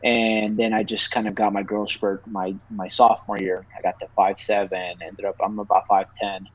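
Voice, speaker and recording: A man's voice: fairly low pitch, little pitch movement, normal speed, no room sound. A man in his thirties from Texas, a podcast guest telling a long story in casual chat and swearing freely as he rambles along. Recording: dry, slightly dull lo-fi sound.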